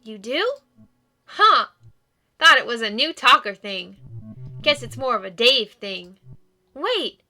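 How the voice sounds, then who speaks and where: A woman voicing a cheerful, sweet male ghost dog as she reads a game's dialogue aloud in a bouncy, excitable, earnest way. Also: fairly high pitch, slow, long pauses, faint music behind, exaggerated voice. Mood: eager. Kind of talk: reading game dialogue aloud.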